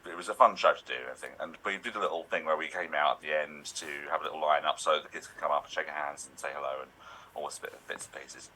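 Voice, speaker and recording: A man's voice: very deep voice, fairly even intonation, quick pace, bright, forceful tone, slight background noise, low-quality recording. A man telling stories as a podcast guest, rambling with many fillers and restarts. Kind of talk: casual podcast chat.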